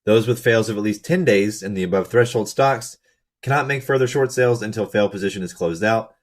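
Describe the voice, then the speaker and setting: A man with a fairly low, hoarse voice that sounds like it is fading, talking through a research paper slide by slide. He reads out lists and figures in a steady, methodical way, with the odd quick aside. It has the feel of a channel host explaining a study to his viewers.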